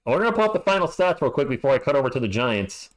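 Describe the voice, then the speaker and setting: A man's voice: mid-range voice, very animated, very fast. A man hosting a fan livestream, calling play-by-play and ranting in frustration, often stammering when upset.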